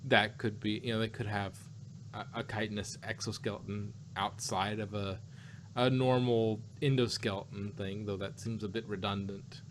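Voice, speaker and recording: A man's voice: lowish voice, level tone, normal speed, a little hiss or hum. Rambling man recapping an episode. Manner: rambling, many fillers and self-corrections. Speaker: podcast host reviewing cartoon episodes.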